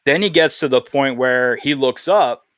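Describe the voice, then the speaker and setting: A man's voice: medium pitch, a little slow, a bit bright, clear, resonant tone, no echo, studio quality. Earnest man hosting a podcast. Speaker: podcast host. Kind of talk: casual podcast chat.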